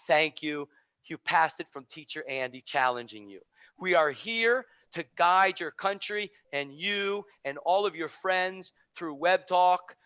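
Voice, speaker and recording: A man hosting an online teaching community, giving an energetic, preachy talk on a video call and repeating phrases for emphasis. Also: on the high side, measured pace, clean tone. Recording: dull lo-fi video call audio.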